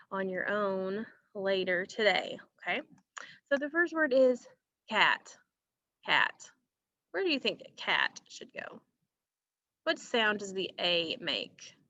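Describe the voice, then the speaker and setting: A teacher leads a recorded phonics lesson in a bright, lively voice. She slows right down to sound out each vowel for her students. The dry, slightly muffled audio points to a computer microphone. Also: medium pitch, dry recording. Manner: slow, drawn-out modeling of vowel sounds, addressing students directly.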